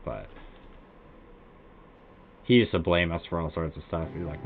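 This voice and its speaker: An American game streamer with a low-pitched voice sounds animated yet a little slow, pausing at length as he rambles through a casual story full of "like" and "uh." The sound is tinny and phone-like, with faint music in the background.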